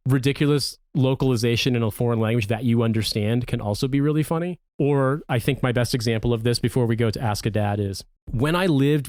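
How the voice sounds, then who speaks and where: Animated man on a dry podcast mic. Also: medium pitch, dry recording. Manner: animated storyteller, swears, mimics movie lines. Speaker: podcast co-host. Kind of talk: casual chat.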